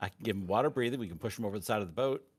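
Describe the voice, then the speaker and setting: A man's voice: lowish voice, racing, breathy edge, dry recording, clean studio sound. Playful man thinking aloud. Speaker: player. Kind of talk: casual chat at a tabletop game.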